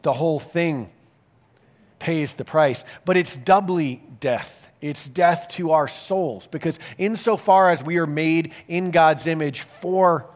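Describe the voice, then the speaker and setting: Earnest, fairly high-voiced male pastor preaching. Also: takes it slowly. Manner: earnest, emphatic preaching with varied pace. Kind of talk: sermon.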